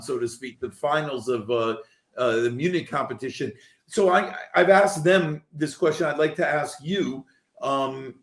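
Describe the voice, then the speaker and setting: Rambling host in a roomy echo. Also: male voice, fairly high pitch. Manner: rambling, restarting phrases. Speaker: podcast host. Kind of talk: casual interview conversation.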